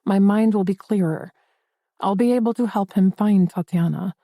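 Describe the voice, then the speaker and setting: A woman's voice: medium pitch, moderate pace, no room sound, studio quality. Woman narrating a romance audiobook. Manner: intimate expressive storytelling.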